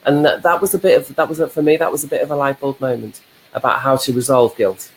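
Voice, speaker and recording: A woman's voice: very deep voice, steady tone, quick pace, slight background noise, rough recording. A woman co-hosting a casual live chat, who reflects and explains ideas through examples. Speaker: co-host, life coach.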